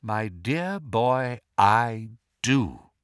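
A man voicing a kindly, wise old male headmaster who speaks with gentle approval in an audiobook. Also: mid-range voice, very animated, extremely slow, smooth, no room sound, studio quality, heavily acted. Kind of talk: audiobook character voice.

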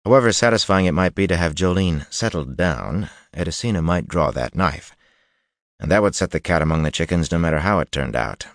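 A man reading a fantasy audiobook in a steady, even storytelling manner. His voice sits deep and the recording is close and completely dry. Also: a little fast, no echo. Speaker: audiobook narrator. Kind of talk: scripted narration.

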